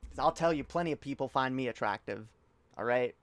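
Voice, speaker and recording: A woman's voice: very deep voice, a little fast, no room sound. A woman streaming a reaction video, ranting heatedly and profanely with frequent restarts. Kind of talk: livestream rant.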